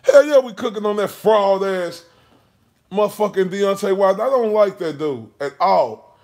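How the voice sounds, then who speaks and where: A man's voice: sits high, expressive, normal speed, a little mellow. A man ranting about boxing on his channel, heated and mocking, swearing constantly. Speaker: boxing commentary vlogger. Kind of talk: profane casual rant.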